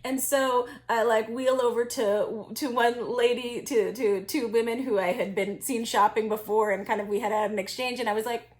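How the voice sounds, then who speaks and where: A woman's voice: on the high side, steady tone, moderate pace, hardly any pauses. A woman reselling vintage finds tells a story in casual chat, laughing often and restarting her sentences. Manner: chatty, laughs often, many fillers and restarts.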